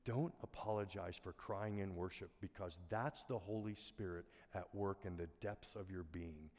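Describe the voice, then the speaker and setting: A middle-aged man preaching a sermon as a pastor, earnest and soft-spoken, often dropping his voice almost to a whisper. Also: low-pitched. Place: church auditorium. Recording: long hall reverb.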